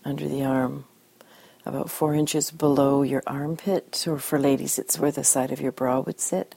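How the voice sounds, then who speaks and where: A woman leads a guided tapping session in a calm, gentle voice, giving the listener phrases to repeat. Her voice sits very low and is husky, with a dark, mellow tone. She moves steadily from point to point. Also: normal speed, no room sound. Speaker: tapping practitioner.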